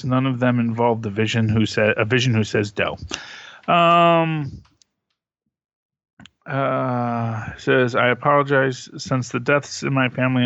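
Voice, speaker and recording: A man's voice: mid-range voice, fairly bright tone, no echo. A man co-hosting a podcast, casually recapping a comic book and reading its dialogue aloud, rambling with many fillers and restarts. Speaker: podcast co-host reviewing comics. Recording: dull, dry lo-fi podcast audio.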